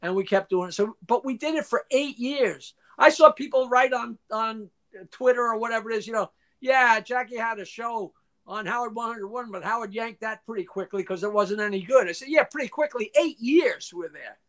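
An older man, a guest in a casual interview, tells long anecdotes full of restarts, swearing and acted-out quotes, clearing his throat now and then. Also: very high voice, a little fast, a bit bright. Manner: profane, frequently clears throat.

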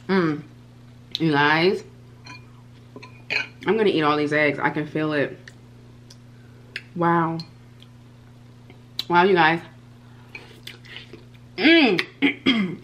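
An excitable woman with a low-pitched voice talks straight to her viewers in a casual food vlog. Her chat is chatty and eager. A faint hum sits under the recording. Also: extremely slow, long pauses. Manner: excitable, chatty, addresses viewers as "you guys". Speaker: food vlogger.

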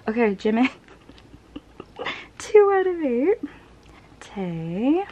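A woman vlogger in casual unboxing chat, gushing and breathless, sometimes dropping to soft whispers between laughs. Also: medium pitch, moderate pace, muffled recording.

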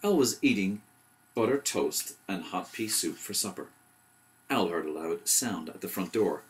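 A man reading a bedtime story aloud in a gentle, even storyteller manner. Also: low-pitched, unhurried.

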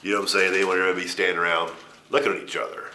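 A man's voice: low-pitched, little pitch movement, racing, sharp tone, a little hiss or hum. A middle-aged man in an interview, telling a story in a casual way with a lot of swearing, laughter and stammered restarts. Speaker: interview guest, wrestler.

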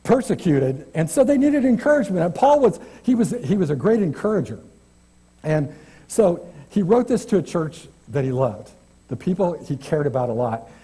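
Husky, dark-voiced male preacher. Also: fairly high pitch, very animated, moderate pace. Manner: chatty, self-deprecating, restarts often. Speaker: guest preacher. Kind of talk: informal church sermon. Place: church sanctuary.

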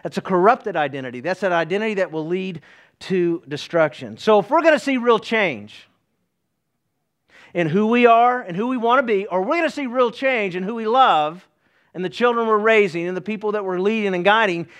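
A man's voice: high voice, lively intonation, brisk, a bit bright. A middle-aged man from East Tennessee, preaching a sermon in a folksy way with joking asides to the congregation. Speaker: pastor.

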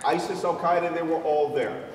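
A man's voice: fairly high pitch, steady tone, normal speed, a little mellow, slight background noise. A man, a military veteran, rebutting bluntly on a debate panel. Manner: blunt and combative. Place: large event hall with audience. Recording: distant mic in echoey hall with crowd.

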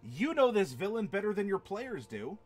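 A man running a tabletop game stream, casually teaching how to build villains, chatty and quick to laugh. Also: high-pitched, very animated, soft background music. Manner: chatty, laughs often, many fillers and restarts. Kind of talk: casual instructional talk to a live chat.

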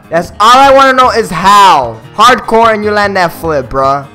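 A man giving live, slangy gameplay commentary, excitable and prone to loud outbursts. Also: sits high, normal speed, hardly any pauses, soft background music. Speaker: gaming video host.

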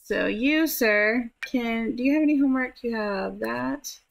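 A woman's voice: on the high side, a little slow, creaky. A woman giving casual gameplay commentary, chatting to her characters and swearing offhandedly. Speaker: gameplay streamer.

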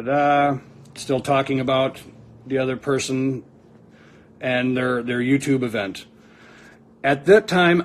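A man reading his wife's messages aloud in a video statement, halting and pausing between phrases. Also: a little high. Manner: halting reading with fillers and restarts. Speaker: reality TV personality speaking for his wife.

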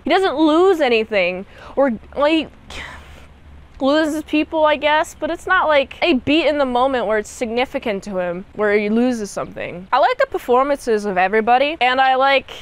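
Young woman, high voice, chatty casual movie review, slangy retelling. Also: clean tone.

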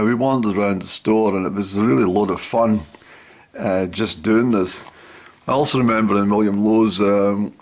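A middle-aged man telling old stories to a camera, rambling with lots of pauses and fillers. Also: lowish voice. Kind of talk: casual storytelling to camera.

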